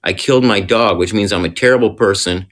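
A man's voice: lowish voice, fairly quick, fairly bright tone. A man on a podcast, talking casually as a recovery counselor and often checking in with rhetorical questions. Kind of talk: casual explanatory talk.

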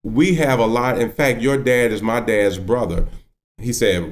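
A man's voice: lowish voice, a little slow. A middle-aged man, a county judge, telling his story in an interview and acting out the dialogue he recalls. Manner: animated storyteller, acts out quoted dialogue.

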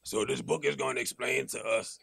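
A man's voice: medium pitch, fairly even intonation, fairly quick, creaky, a bit bright, slightly rough, no room sound. A man on a podcast who explains things earnestly in a casual chat.

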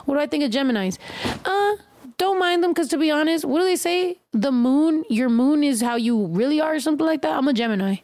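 A woman hosting a casual livestream chat, talking in an animated, joking and heavily profane way. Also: high-pitched, fairly quick, no echo. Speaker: livestream host.

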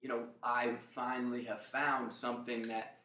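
A man's voice: mid-range voice, normal speed. A man who founded a travel company talks casually in a group, acting out the lines of others as he tells stories. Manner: animated storyteller, acts out others' lines. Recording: echoey room, faint background noise.

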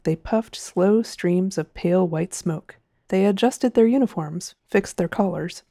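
A woman narrating a story in a measured, even reading. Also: on the low side, no room sound, studio quality. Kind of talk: scripted narration.

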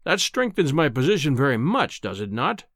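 A man reading an audiobook, voicing a domineering, insolent bearded professor with a rumbling, scornful voice. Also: big pitch swings, normal speed, fairly bright tone, no echo, studio quality.

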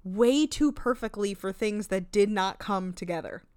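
A woman's voice: medium pitch, animated, a little slow, a little mellow, clean tone, no echo, studio quality. A woman co-hosting a podcast, chatting casually about a reality show and sarcastically acting out the cast's lines. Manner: chatty, sarcastic, acts out quotes in funny voices. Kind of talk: casual chat.

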